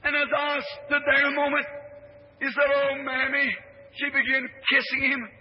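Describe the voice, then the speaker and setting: A man preaching a sermon as a story, fervent, rising to shouts and then dropping low. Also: level tone, moderate pace. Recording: muffled old recording in a reverberant hall.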